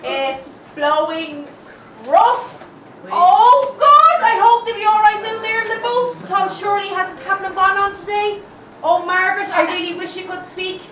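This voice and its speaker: A woman's voice: very high voice, fairly even intonation, unhurried. An Irish woman acting a fretful woman preparing food for a wake, fussing and talking to herself, in an amateur stage comedy. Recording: echoey hall, distant mic, noisy.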